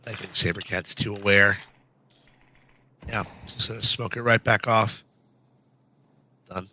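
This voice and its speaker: Hoarse man calling a match. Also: fairly low pitch, fairly even intonation, unhurried, pushed and bright, poor audio. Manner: wry, talks to the audience between calls. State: hoarse from being sick. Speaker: esports caster. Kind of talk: live play-by-play commentary.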